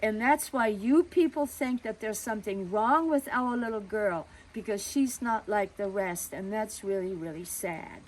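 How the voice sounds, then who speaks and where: A man's voice: sits high, unhurried, few pauses, rough recording. A woman retelling a story, voicing her father as he firmly defends a family friend. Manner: firm, rising to angry protest. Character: indignant middle-aged father defending a friend.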